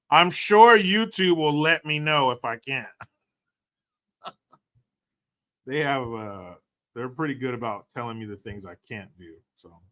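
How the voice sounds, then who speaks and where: A man on a casual livestream, thanking donors and riffing on their messages. His voice is bright and forceful, and he talks bluntly, jokes a lot and swears freely. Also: medium pitch, lively intonation, slow pace, pauses often. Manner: profane, joking and blunt. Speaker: livestream host. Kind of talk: casual livestream chat reading donations.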